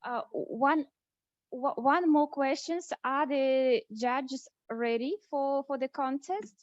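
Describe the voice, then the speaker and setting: Halting high-voiced woman chairing a contest. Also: dry recording. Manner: halting, many fillers and restarts. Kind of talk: hesitant meeting chairing. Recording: dull lo-fi sound.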